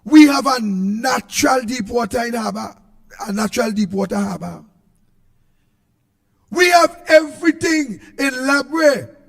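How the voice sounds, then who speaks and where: A man with a Trinidadian accent giving an impassioned political speech, shouting in a repetitive, sing-song way. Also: sits high, in a large hall. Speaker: political speaker.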